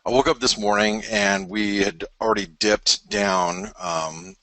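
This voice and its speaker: A man's voice: fairly low pitch, measured pace, bright, forceful tone, dry recording. A man hosting a live trading webinar, talking through charts in a rambling, frank way, often stopping and restarting mid-thought. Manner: rambling, self-interrupting, frank.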